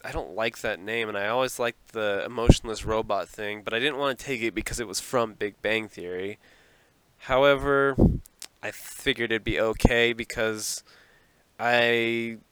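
Guy rambling solo on his podcast from a closet, self-deprecating, laughs a lot, smooth resonant voice. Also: fairly low pitch, no room sound, poor audio. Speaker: podcast host. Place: small closet.

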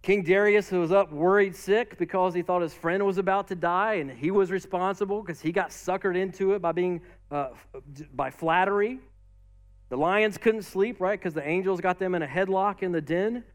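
Casual: pastor guy, high voice, preaching a sermon all animated and chatty. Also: moderate pace. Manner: animated preaching with casual asides and acted-out quotes.

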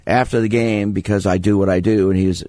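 A Brooklyn man hosts a sports radio call-in show, telling stories and frequently restarting his sentences. Recorded dry on a studio microphone, his voice is on the low side, steady, brisk, and warm.

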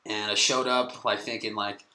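A man's voice: on the low side, little pitch movement, normal speed, bright, forceful tone, reverberant, slight background noise, low-quality recording. A young man, a comedian guest, telling a story casually, swearing often and restarting his sentences. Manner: swears a lot, many restarts.

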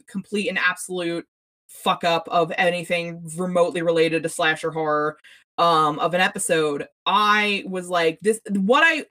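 A woman's voice: fairly low pitch, a bit bright. A woman co-hosting a TV recap podcast, ranting with profanity and many restarts in casual chat. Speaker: podcast co-host.

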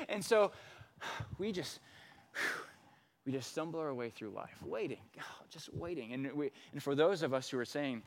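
Man, pastor, lively sermon storytelling, fairly high voice, long hall reverb. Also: moderate pace. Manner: animated storyteller with sudden swings in loudness.

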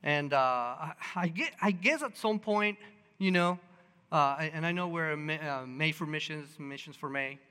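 Male preacher, slightly high voice; lively, filler-heavy storytelling sermon recorded in a long-reverb hall. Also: moderate pace, clear, resonant tone. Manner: animated, acts out quotes, many fillers and restarts.

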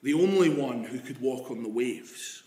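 A man preaching a sermon, dropping to hushed, slow quotes and rising into emphatic passages. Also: mid-range voice, expressive. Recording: echoey room.

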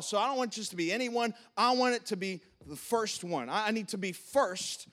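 High-voiced animated man preaching. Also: fairly quick, hardly any pauses. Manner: animated, acts out God and people in short quoted voices. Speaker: pastor. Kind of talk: sermon.

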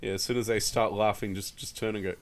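A man's voice: on the low side, flat delivery, fast. A man in a casual chat as co-host, teasing and dry. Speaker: podcast co-host.

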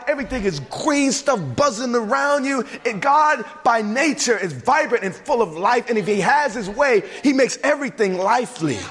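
A man preaching a sermon with a high, lively voice that swings up and down. He talks emphatically, with asides and quick restarts, and his voice rings with the long reverb of a large hall. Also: slight background noise. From suburbs.

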